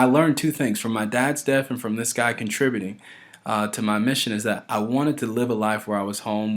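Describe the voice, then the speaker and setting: A man in his thirties talking casually and earnestly to his followers, rambling and pressing his points harder as he goes. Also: fairly low pitch. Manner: earnest, rambling, keeps asking "right?"; grows forceful when stressing a point. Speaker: vlogger addressing followers. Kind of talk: casual direct-to-camera talk.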